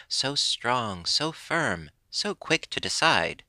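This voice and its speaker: A man voicing a vain, fickle female rattlesnake in a storybook reading, in a high gushing lilt. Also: sing-song, slow pace, pushed and bright, dry recording, studio quality, heavily acted.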